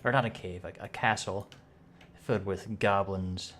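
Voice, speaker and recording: A man running a tabletop game as game master, talking in a halting way with many fillers and restarts, with a cough. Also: low-pitched, steady tone, a bit bright, slight background noise.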